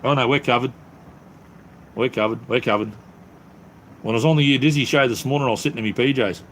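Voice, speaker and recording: A middle-aged Australian man rambles through a casual phone live stream with an ordinary mid-range voice. He is easygoing and quick to mock himself, and a faint hiss of noise sits under his talk. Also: mid-range voice, a bit bright. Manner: rambling, self-mocking, easygoing.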